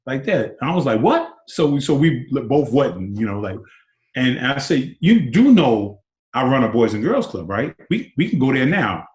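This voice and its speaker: A man in his sixties, a former basketball player, telling stories as an interview guest and acting out quotes with big jumps in pitch. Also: big pitch swings, normal speed, a little mellow. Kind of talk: animated storytelling. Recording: roomy echo.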